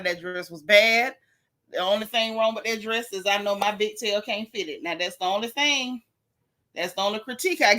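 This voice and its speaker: Bright-voiced woman chatting loose and candid on her live stream, slangy and talking straight to her viewers. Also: medium pitch. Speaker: live-stream host recapping a reality show. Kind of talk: casual live-stream chat.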